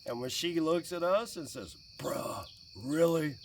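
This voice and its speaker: A middle-aged man telling stories about family life in a casual, animated way, often laughing, sitting outdoors by a fire. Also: a little high, normal speed, slight background noise. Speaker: vlogger and dad. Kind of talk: casual fireside storytelling. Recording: distant mic outdoors, faint crickets. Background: faint crickets and outdoor ambience.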